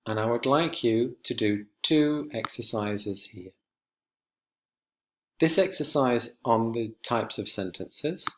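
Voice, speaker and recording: A man teaching an online English lesson, walking students through exercises with slow, clear instructions. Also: medium pitch, slight background noise. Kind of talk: recorded online lesson walkthrough.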